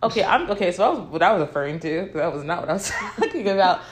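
A woman in casual chat about a film, animated and quick to push back and tease. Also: lowish voice. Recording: echoey room.

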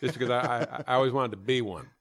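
A man's voice: medium pitch, quick pace. A male interviewer asking questions casually, often stammering and repeating words.

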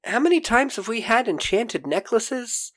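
A man co-hosting a podcast, recapping a TV episode in animated casual chat, swearing casually and acting out quotes. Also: very high voice, normal speed. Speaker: podcast co-host.

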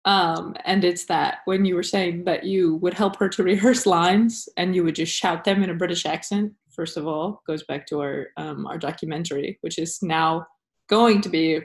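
A woman's voice: fairly low pitch, steady tone, moderate pace. Chatty, rambling woman podcast host. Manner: rambling, laughing, self-interrupting. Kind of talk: casual chat.

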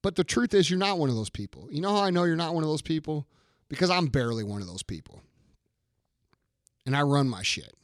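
A middle-aged man rants on his podcast in a blunt, profane way, hammering his points by saying them twice. His voice sits a little high for a man. The sound is dry and close, with no room in it. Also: very animated, quick pace, dry recording. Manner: blunt, profane, forceful, repeats lines for emphasis. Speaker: podcast host. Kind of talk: profane motivational rant.

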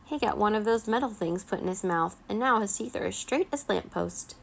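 A bubbly, talkative schoolgirl from a children's book, voiced by a woman reader. Her voice sits clearly higher than the narration, quick to wheedle and chatter, with a slight gravelly texture. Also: lively intonation. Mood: chatty. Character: chatty, curious schoolgirl, bossy and friendly.

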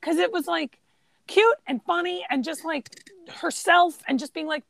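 A woman's voice: extremely high pitch, normal speed, creaky, fairly bright tone. A woman co-hosting a podcast, eagerly retelling favorite film scenes in casual chat. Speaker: podcast co-host.

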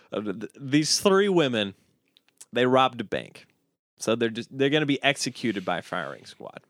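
A man hosting a podcast, telling jokes in an animated, chuckling way and often repeating himself. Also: lowish voice, no echo, studio quality. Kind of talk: casual joke-telling chat.

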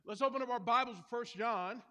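A man's voice: very high voice, fairly quick, bright, forceful tone, in a large hall. A male pastor preaching a sermon, joking and calling out to his congregation, still catching his breath. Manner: jokey, talks with the congregation, asks for responses.

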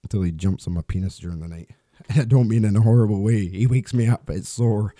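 A man's voice: on the low side, moderate pace, mellow, no room sound, studio quality. A man hosting a solo podcast, talking in a rambling, candid way with restarts and the odd swear word. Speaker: podcast host.

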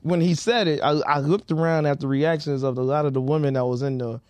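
A man co-hosting a podcast in casual chat, animated and prone to repeating himself. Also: a little high, quick pace, no echo. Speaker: podcast co-host.

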